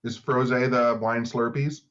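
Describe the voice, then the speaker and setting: A man co-hosting a podcast, telling stories in a relaxed, easygoing way. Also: mid-range voice, unhurried. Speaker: podcast co-host. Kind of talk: casual chat. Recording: slightly dull lo-fi mic.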